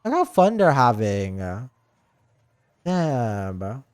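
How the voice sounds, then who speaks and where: Excitable streamer guy, lively pitch swings. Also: drawn-out words. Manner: excitable, gasping, swings between squeals and sighs. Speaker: VTuber streamer. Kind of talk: live game reaction, reading dialogue aloud.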